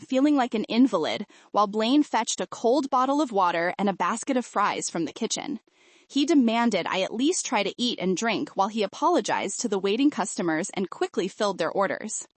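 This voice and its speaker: A woman narrating a first-person romance audiobook in an expressive, emotive way. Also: medium pitch, normal speed, no echo.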